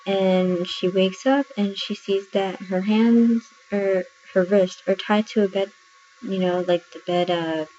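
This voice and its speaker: A woman's voice: mid-range voice, fairly even intonation, unhurried, warm tone. A woman casually reviewing a book, retelling scenes in a chatty way with plenty of fillers. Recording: dull lo-fi audio with faint noise.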